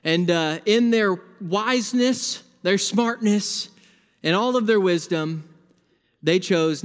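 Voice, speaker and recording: A man with a high-pitched voice preaching a sermon in a church sanctuary. He talks to the congregation conversationally and stacks repeated phrases for emphasis. His voice rings out with the long reverb of a large hall. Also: takes it slowly. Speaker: pastor.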